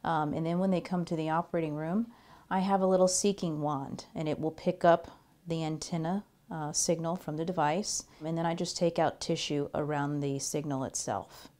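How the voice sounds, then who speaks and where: A woman surgeon explains a procedure in a calm, matter-of-fact way, pausing on small fillers. Her voice is low and mellow. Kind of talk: interview answers.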